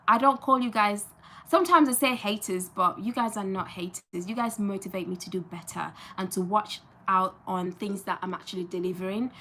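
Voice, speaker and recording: A young woman from Gambia chats loosely with her live-stream audience. Her voice is bright and forward, with a medium pitch. She talks emphatically and often repeats short phrases for stress. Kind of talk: casual live-stream chat.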